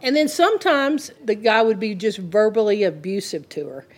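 A woman's voice: medium pitch, expressive, moderate pace. A woman, telling a story in an earnest, conversational sermon. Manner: earnest, retells the story with quoted dialogue. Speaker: Christian teacher.

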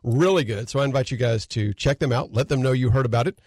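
A man hosts a studio radio talk show. He chats in a folksy, repetitive way at an average pitch. The studio sound is dry and close. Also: quick pace, no echo. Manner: folksy, repetitive, energetic welcome.

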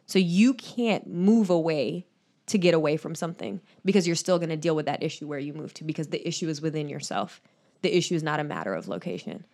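A woman co-hosting a casual podcast, candid and quick to laugh, swearing freely as she gives advice. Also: low voice, animated, darkish tone. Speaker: podcast co-host.

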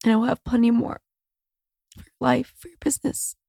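A woman's voice: fairly high pitch, flat delivery, brisk, vocal fry, dark tone, no echo, studio quality. A woman in her thirties hosting a solo podcast, speaking in a raw, candid, emotional way and swearing freely. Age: 30s. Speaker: podcast host.

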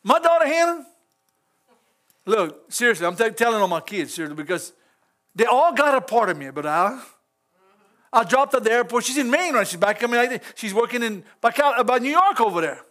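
A man's voice: very high voice, sing-song, fairly quick, sharp tone. A middle-aged man, a pastor, preaching an informal sermon in church, folksy and chuckling as he talks straight to the congregation.

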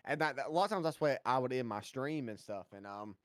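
A man guesting on a casual podcast, reminiscing in a lively way and mimicking his friends. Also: medium pitch, fast talker, no echo, studio quality. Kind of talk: casual chat.

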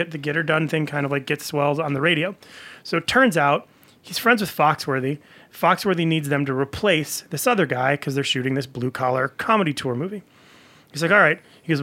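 A man's voice: on the high side, fairly bright tone. A man telling comedy-world stories in a casual podcast chat, rambling with many fillers. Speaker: comedian guest.

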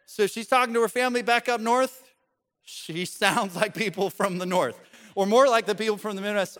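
High-pitched guy pastor preaching, lively and jokey, big echoey hall. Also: brisk. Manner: animated, joking, puts on voices for examples. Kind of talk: sermon. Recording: long hall reverb.

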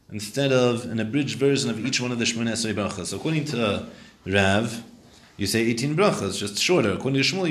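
A man's voice: mid-range voice, fairly bright tone, echoey room. A man teaching a Talmud class, translating Hebrew and Aramaic phrases and questioning his students.

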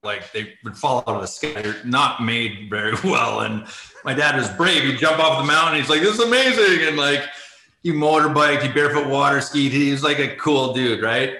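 A middle-aged man talks over a video call from an echoey room, and his voice sounds bright and forward. He rambles through his stories, leans on "like", laughs in between, and sounds tearful at moments. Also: mid-range voice, fairly even intonation, moderate pace. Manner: rambling, says "like" often, laughs while telling. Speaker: interview guest, former ice hockey player. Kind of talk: casual interview storytelling.

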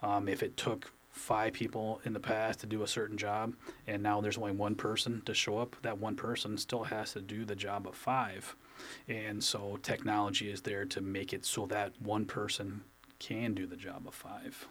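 A man guesting on a business podcast, explaining his points in a measured, casual way. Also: fairly low pitch, level tone, fairly bright tone, a little hiss or hum.

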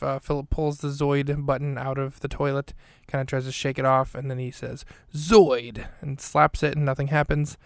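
A male podcast host with a gravelly, smooth voice that stays on a level, flat pitch. He recaps an episode in a loose, casual way, full of fillers and quoted dialogue. The sound is dry and close. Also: no room sound.

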